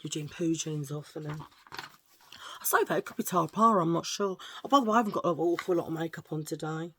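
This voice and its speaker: A middle-aged woman chatting casually to camera as a vlogger, playful and prone to hushed asides. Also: low voice, fairly quick, slight background noise.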